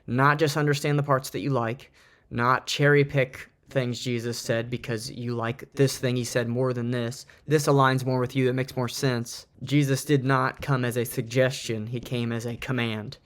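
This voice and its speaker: A man's voice: medium pitch, little pitch movement, normal speed, a bit bright. A man giving an earnest, reflective Bible teaching, reading and explaining from his notes. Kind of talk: informal Bible study talk.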